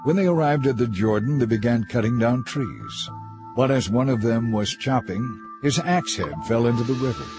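A man reading a scripture story aloud in a measured, even narrating manner. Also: medium pitch, music in the background. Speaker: audiobook reader.

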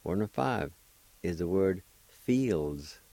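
An older man with a Cherokee-speaking Oklahoma accent teaches a language lesson on radio. His voice sits very low and unhurried, and he spells and repeats each word with patient care. The sound is dry and close. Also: lively intonation, creaky, warm tone, dry recording.

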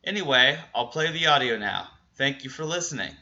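A man hosts a casual podcast and introduces his guests. His voice is very bright and sharp. He talks in a relaxed, hesitant way with plenty of fillers. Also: mid-range voice, fairly quick, lo-fi sound. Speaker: podcast host.

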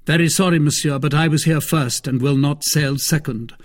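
A man's voice: a little high, fairly even intonation, moderate pace, pitched above the performer's own voice, lightly acted. A man doing a curt, haughty young nobleman. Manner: curt, proud.

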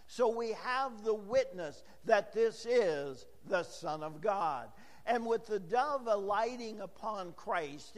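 Gravelly-voiced pastor in a reverberant hall. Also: male voice, high voice. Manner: chatty, joking asides to the congregation. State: hoarse. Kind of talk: verse-by-verse sermon. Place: church sanctuary.

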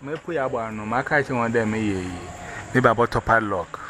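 A man's voice: medium pitch, fairly quick, bright, forceful tone. A man telling a rambling story, repeating words as he goes. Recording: noisy recording.

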